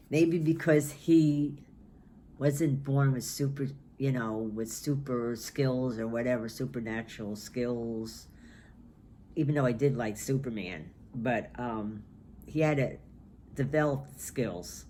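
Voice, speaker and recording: A woman's voice: very deep voice, slow pace, mellow, a little hiss or hum. A woman in her sixties, a knitting vlogger, chatting casually and musing aloud as she goes. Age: 60s. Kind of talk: casual chat.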